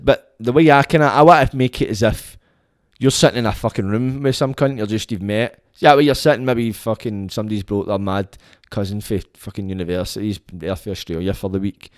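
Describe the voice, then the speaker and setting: A man's voice: on the low side, no echo, studio quality. A Scottish man hosting a podcast, rambling and swearing in a casual monologue into his phone. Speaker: podcast host.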